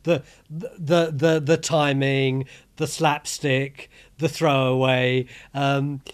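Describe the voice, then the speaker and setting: Older male host, halting interview style. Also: mid-range voice, level tone, smooth. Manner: halting, with frequent word repeats. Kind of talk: conversational interview.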